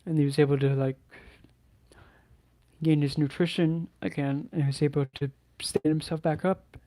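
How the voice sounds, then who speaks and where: Subdued man with a flat, mellow voice. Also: on the high side. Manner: halting, hesitant, with many restarts and sighs. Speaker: channel host. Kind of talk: personal storytelling to camera.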